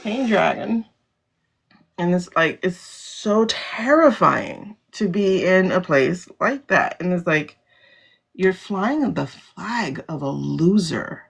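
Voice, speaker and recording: A woman's voice: fairly low pitch, expressive, takes it slowly, gravelly, slightly rough. A woman hosting a casual livestream, talking bluntly and animatedly, laughing often and swearing freely. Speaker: livestream host. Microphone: phone livestream.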